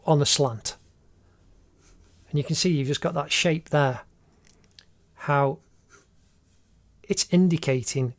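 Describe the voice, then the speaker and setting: A man talks through a drawing tutorial step by step in an encouraging way, recorded as a voice-over while he draws. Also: mid-range voice. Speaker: art teacher.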